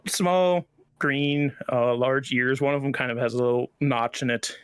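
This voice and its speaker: A man's voice: mid-range voice, fairly even intonation, measured pace, clear, resonant tone, no room sound. A man narrating a tabletop game as game master, describing scenes loosely with many fillers.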